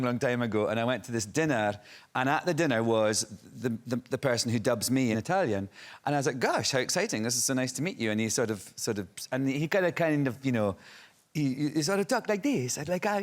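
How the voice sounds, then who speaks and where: Middle-aged Scottish man, chatty talk show guest, anecdotal and giggly. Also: medium pitch. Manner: animated storyteller, laughs often. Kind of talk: casual chat, telling anecdotes.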